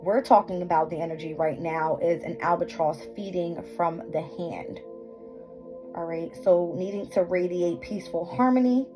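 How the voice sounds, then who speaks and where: A woman's voice: on the low side, moderate pace, rough recording. Scattered woman reading tarot over music. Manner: scattered, swearing, self-interrupting, laughing at own slips. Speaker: tarot and astrology reader. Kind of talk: casual reading to viewers. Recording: background music playing.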